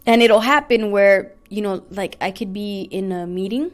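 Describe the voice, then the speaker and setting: Animated woman co-hosting a podcast. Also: medium pitch, moderate pace. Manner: animated, swings between loud and soft. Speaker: podcast co-host. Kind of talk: casual chat.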